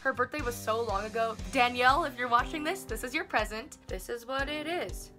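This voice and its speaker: A woman's voice: on the high side, over music. A young woman chatting casually to camera in a home vlog, upbeat and talkative. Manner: chatty, upbeat, quick asides. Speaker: vlogger. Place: indoors at home.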